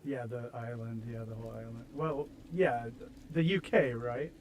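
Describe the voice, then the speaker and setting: A man's voice: mid-range voice, steady tone, normal speed, slight background noise, rough recording. American male streamer, casual rambling chat, self-deprecating humor. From United States. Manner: rambling, self-mocking, laughs at his own jokes. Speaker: streamer host. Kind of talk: casual chat while building in a game.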